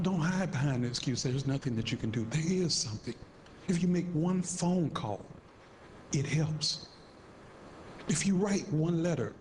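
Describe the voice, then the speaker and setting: A man's voice: a little high, a little mellow, slight background noise. A man giving an emotional, earnest speech at a luncheon, pleading with the audience for help. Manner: earnest, pleading, repeating "please". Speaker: community advocate speaker.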